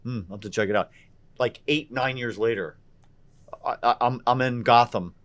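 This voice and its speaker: A comedian talking on a casual podcast, launching into anecdotes with plenty of restarts. His voice sits at an average pitch for a man. He builds each story with energy. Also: moderate pace. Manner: animated, trips over his words.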